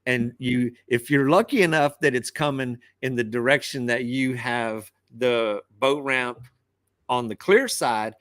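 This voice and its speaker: A man with an average pitch gives plain cautionary advice to other anglers. He tells his boating stories in a casual podcast chat over a remote call. The sound is dry and close. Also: measured pace, a bit bright, no echo. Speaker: fishing captain, podcast co-host. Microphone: remote call over wifi.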